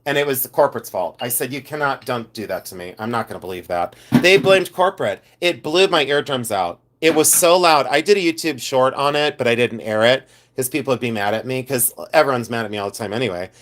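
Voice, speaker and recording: A man's voice: mid-range voice, expressive, a little fast, hardly any pauses, fairly bright tone. A man hosting a casual live stream, telling rambling, repetitive stories with exasperated asides. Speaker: live-stream host selling gemstones.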